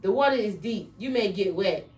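A woman voicing a sly, hungry fox in a calm, coaxing storybook reading. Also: medium pitch, normal speed, natural voice. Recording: echoey room, distant mic.

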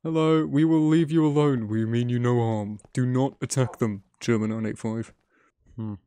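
A young man giving casual gameplay commentary, excitable and swearing often, chatting to his in-game animals. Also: mid-range voice, moderate pace. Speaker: gaming video creator. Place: home editing room.

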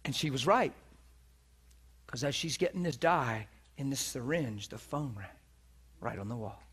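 A man preaching and telling a story in an animated way, with a handheld mic, acting out the people he talks about. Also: medium pitch, unhurried, husky. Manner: animated, acts out other people's voices. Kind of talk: storytelling sermon. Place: teaching hall before an audience.

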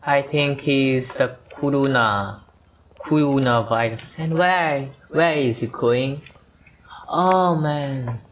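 Slow, rambling man. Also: mid-range voice, dull audio, a little hiss or hum. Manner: rambling, talks to himself and the game characters. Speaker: gameplay commentator. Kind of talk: casual let's-play commentary.

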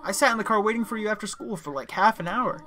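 A man voicing a gentle, motherly goat monster woman in a video game, caring and mildly scolding. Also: high voice, quick pace.

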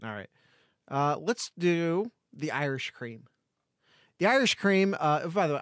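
A man with a fairly high voice co-hosts a casual sports podcast and drifts through an ad read with jokes and restarts. The sound is dry and close, with no room around it. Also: big pitch swings, measured pace, a bit bright, dry recording. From Ohio. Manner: jokey, rambling ad read with restarts. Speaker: podcast co-host.

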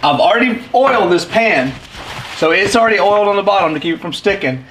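A man's voice: high-pitched, animated, fast talker, a bit bright, slight background noise. A middle-aged man, hosting a cooking vlog in a home kitchen and talking straight to viewers in a folksy, upbeat way. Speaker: fishing channel host. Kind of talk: casual cooking vlog talk.

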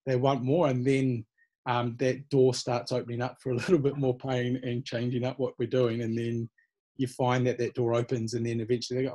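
A man's voice: mid-range voice, flat delivery, a little fast, mellow. A man, a personal trainer from New Zealand, giving easygoing, encouraging answers in an interview. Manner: encouraging, easygoing, many fillers.

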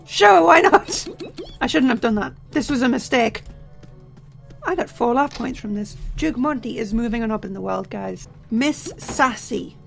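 A young man with a sore, tired voice, chatting jokily as he plays a game and sometimes shouting. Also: very high-pitched, moderate pace, creaky, faint music behind. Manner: chatty, jokey, bursts into shouting. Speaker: let's play host. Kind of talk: casual gameplay commentary.

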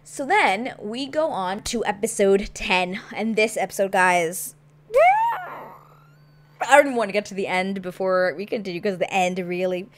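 Young woman, casual recap host, chatty, lots of filler words, mid-pitched voice. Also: normal speed. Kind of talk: casual chat.

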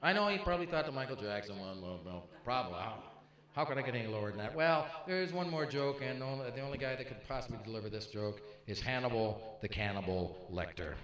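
Brisk, bright-voiced stand-up comic. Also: male voice, mid-range voice, lively intonation. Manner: brisk, crowd-teasing setup patter. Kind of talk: live stand-up. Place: comedy club stage. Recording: echoey club, mic at a distance.

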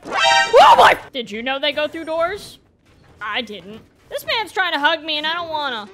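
A woman giving casual, joking gameplay commentary, with lots of excited exclamations. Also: high voice. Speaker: video game player.

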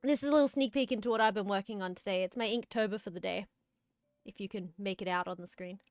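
A woman's voice: medium pitch, fast, dry recording, clean studio sound, soft background music. A woman hosting a livestream, chatting casually and giggling while she plays with friends and apologizes often. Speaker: streamer and host.

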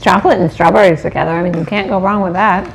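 A woman's voice: on the low side, steady tone, fast, creaky, a little hiss or hum, poor audio. A woman chatting casually while taste-testing snacks, with short murmured reactions, now and then reading labels aloud. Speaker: co-host tasting snacks.

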